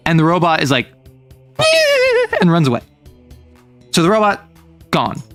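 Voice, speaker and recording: A man's voice: fairly high pitch, brisk, soft background music. A man livestreaming in a casual chat, retelling a manga plot with jokes and playful asides. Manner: animated, joking, with playful asides.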